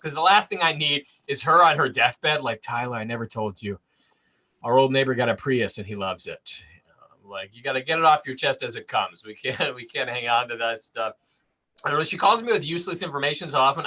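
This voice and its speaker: A man's voice: medium pitch, pushed and bright, rough recording. Dry young man doing stand-up. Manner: dry, self-deprecating delivery. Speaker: stand-up comedian. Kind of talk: stand-up set over video call.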